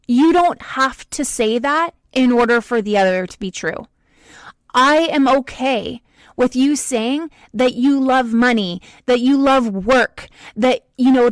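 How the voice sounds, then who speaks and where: A woman hosting a podcast, giving an emphatic motivational talk to the listener with slow, deliberate stresses. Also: on the high side, no room sound. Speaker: podcast host.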